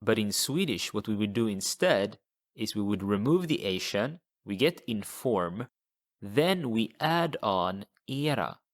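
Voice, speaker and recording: A man teaching a language lesson, patiently repeating model words slowly for learners to copy. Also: fairly low pitch, very animated. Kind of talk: slow, deliberate language lesson.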